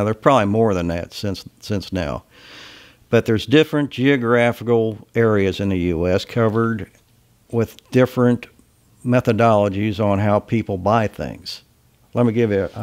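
Blunt man with a slight Southern drawl. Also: lowish voice. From Ohio. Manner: blunt, folksy, salty talk. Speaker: sales trainer. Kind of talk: casual lecture.

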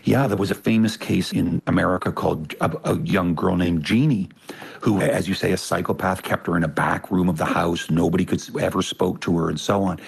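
Deep gravelly man explaining eagerly. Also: fairly even intonation, fairly quick. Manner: enthusiastic explaining with frequent restarts. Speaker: author and interview guest. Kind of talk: conversational interview.

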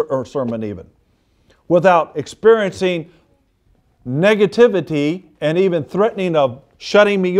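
High-voiced man preaching a fervent sermon. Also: darkish tone. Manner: fervent preaching, rising to indignant emphasis. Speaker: pastor.

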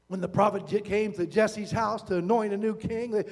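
A man preaching to his church with a strikingly high voice. He tells stories calmly, then rises into shouted, fervent appeals. The sound carries a long echo from the hall. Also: normal speed. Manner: preaching with rising shouted passages and dramatic quotes. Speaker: pastor. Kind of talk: sermon.

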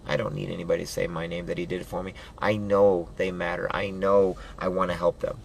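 Guy doing a loud motivational rant, preachy, keeps firing off get-up commands. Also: low-pitched, flat delivery, a little fast, creaky, slight background noise. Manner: loud, preachy, rising to yelling; repetitive rallying commands. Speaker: motivational vlogger. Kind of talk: motivational pep talk.

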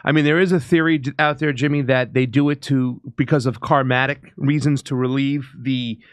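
A man's voice: medium pitch, fairly even intonation, fairly quick, smooth, no echo. A man in casual chat, musing earnestly and speculatively.

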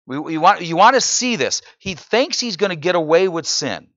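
A pastor preaching a sermon in church, often asking the congregation "right?" and building to loud, incredulous exclamations. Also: male voice, sits high, normal speed, no echo, dull audio. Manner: animated preaching, frequent "right?" asides to the congregation.

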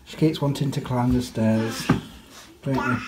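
This family vlogger talks casually to camera in his family's kitchen about his evening at home, chatting with his children, cheerful and quick to laugh. His voice sits mid-range, with fairly even intonation and a measured pace. The indoor recording is noisy.

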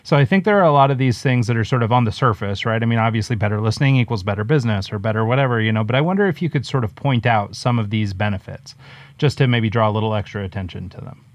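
A man's voice: fairly low pitch, quick pace, no room sound. A man hosting a podcast who asks his questions loosely and leans on "sort of" a lot. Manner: loose, rambling, lots of "sort of". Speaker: podcast host. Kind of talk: casual interview chat.

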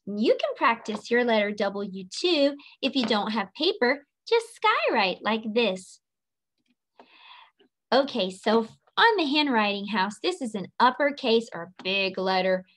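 A woman's voice: a little high, big pitch swings, measured pace, fairly bright tone, slight background noise. A woman teacher giving a children's phonics and handwriting lesson, patient and sing-song, drawing out each letter sound.

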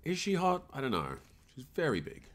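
A man's voice: medium pitch, wildly swooping pitch, brisk, fairly bright tone. A man playing a horror game and joking through a running commentary. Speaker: game streamer. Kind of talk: casual gameplay chat.

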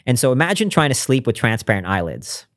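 A man's voice: mid-range voice, big pitch swings, quick pace, fairly bright tone. A man speaking as a podcast guest, telling a personal story in an earnest, reflective way with frequent restarts.

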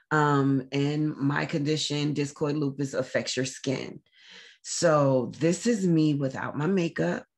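A woman hosting a faith-based talk to camera, speaking earnestly and haltingly, often pausing with "um" as she holds back tears. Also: low voice. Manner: earnest, emotional, halting with frequent ums. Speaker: show host.

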